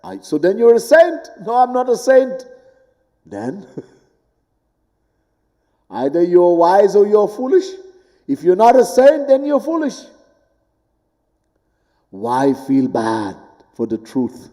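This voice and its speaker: A man gives a devotional lecture at an unhurried, deliberate pace, his voice mellow and slightly raised in pitch. He moves between emphatic peaks and hushed lines and chants Sanskrit verses. The long reverb of a temple hall hangs behind him. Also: very animated. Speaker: spiritual teacher.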